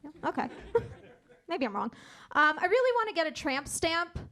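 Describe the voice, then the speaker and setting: A woman performing a stand-up set on a comedy club stage, delivering dry one-liners and pausing for laughs. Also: high voice, big pitch swings, fairly bright tone.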